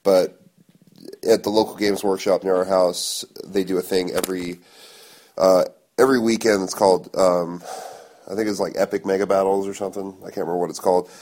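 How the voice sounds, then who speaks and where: Deep-voiced laid-back podcast host. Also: male voice, flat delivery, fairly quick, darkish tone. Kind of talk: casual podcast chat.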